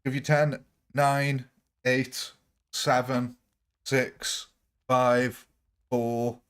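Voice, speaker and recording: Here a young livestreamer comments on a strategy game while bantering and giggling with chat. His mid-range voice is level, bright, clear and resonant, and he talks extremely slowly.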